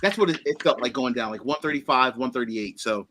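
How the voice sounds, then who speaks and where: Bright-voiced man hosting a whiskey tasting. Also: mid-range voice, a little fast, a little hiss or hum. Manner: animated, exclaiming, laughing often. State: eyes watering. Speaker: host. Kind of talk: casual whiskey tasting chat.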